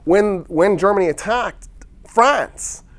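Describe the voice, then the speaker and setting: A man with a slightly high voice tells history in a relaxed, lecture-like way. He acts out the nations in quick bits of quoted dialogue and drops in wry asides. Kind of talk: casual storytelling lecture.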